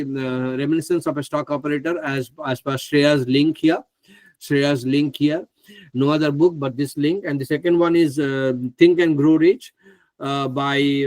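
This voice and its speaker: A man presenting a live online trading class, chatty and excitable, who laughs often and stumbles over names. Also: on the high side, moderate pace, no room sound. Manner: stumbles over names, asks others to pronounce them.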